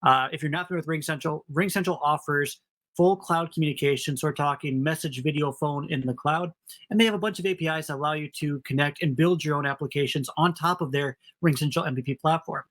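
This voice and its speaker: Podcast co-host, man, Minnesota accent, a bit high, rambling and self-deprecating. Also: fast talker, fairly bright tone. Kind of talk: casual podcast chat.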